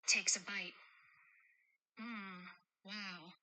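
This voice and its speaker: A woman voicing a caring adult who protects two children, speaking gently and teasingly and reading the stage directions aloud in a chat role-play. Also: mid-range voice, fairly even intonation, very slow, no echo, exaggerated voice, poor audio. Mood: tender, playful.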